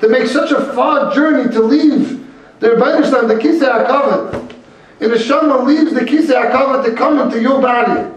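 A man's voice: extremely high pitch, a little fast, voice pushed up. A man voicing an earnest old rabbi who rebukes a rich man with fervent, pressing rhetorical questions. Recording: very echoey room, mic far off.

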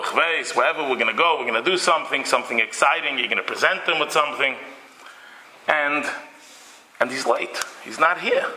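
A man gives a Torah lecture in a bright, ringing voice pitched a little high. He tells stories and acts out the people in them, sometimes with sudden loud outbursts. The echoey room carries his voice. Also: a little hiss or hum. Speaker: rabbi giving a Torah talk. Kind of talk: Torah lecture with Yiddish and Hebrew terms.

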